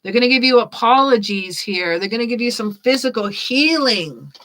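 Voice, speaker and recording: A woman's voice: on the high side, animated, moderate pace, a bit bright, rough recording. A woman reading tarot cards on a live stream, chatty and repetitive, laughing often as she reads viewers' questions. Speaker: tarot reader.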